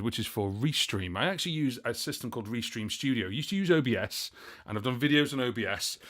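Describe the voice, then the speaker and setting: Rambling, chatty male livestream host, casual and full of fillers, mid-pitched. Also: fairly bright tone. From United Kingdom. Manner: chatty and rambling, many fillers and self-corrections. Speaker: livestream host and looping musician. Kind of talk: casual livestream chat answering viewer questions.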